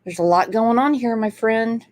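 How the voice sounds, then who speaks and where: A woman with a slightly high, somewhat mellow voice talks through a case at a moderate pace as host of a true crime channel. Her casual commentary is conversational and emphatic, and she repeats points to stress them.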